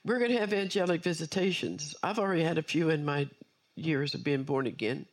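A woman's voice: low-pitched, a little fast. A woman preacher delivering an earnest sermon with personal testimony, repeating key phrases for emphasis.

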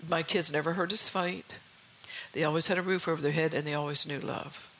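Homey older woman preaching, gravelly. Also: low voice, fairly even intonation, fairly quick, a bit bright, slight background noise, rough recording. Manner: homey, confiding, repeats "you know". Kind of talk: informal sermon.

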